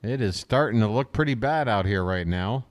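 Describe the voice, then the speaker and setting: Calling a baseball game live as a fan, this man jokes and chats, responding to viewers in the chat between pitches. He speaks at a normal speed with lively intonation.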